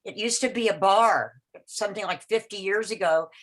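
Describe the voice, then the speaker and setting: This is an older woman speaking over a video call, sharing a memory at her own unhurried pace. She stumbles and restarts often and repeats words as she gathers her thoughts. When she quotes someone, she puts on a voice for them. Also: mid-range voice, fairly bright tone, low-quality recording. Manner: rambling, halting, with many restarts and repeated words; acts out the voices of people in her story. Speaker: meeting participant sharing a story. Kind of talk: personal storytelling on a video call.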